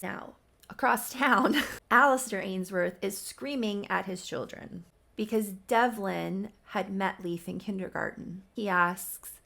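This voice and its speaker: A woman retelling a soap-opera story in a chatty, casual way, with quick asides. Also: medium pitch, gravelly, fairly bright tone. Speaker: channel host.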